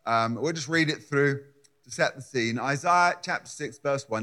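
A man's voice: mid-range voice, normal speed, bright, forceful tone. A man preaching a sermon, building his points with emphatic repeated words. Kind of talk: sermon with scripture reading.

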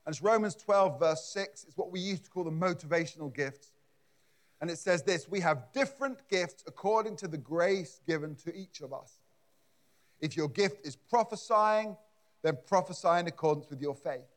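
A man's voice: high-pitched, moderate pace. A man preaching a conversational sermon in a church, often repeating words and adding asides. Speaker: pastor.

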